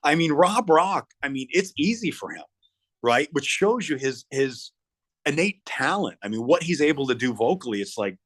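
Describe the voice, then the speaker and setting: A middle-aged man chatting as an interview guest, talking in an animated way and often stumbling over and repeating words. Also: fairly high pitch, normal speed. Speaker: guest musician. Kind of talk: casual interview chat.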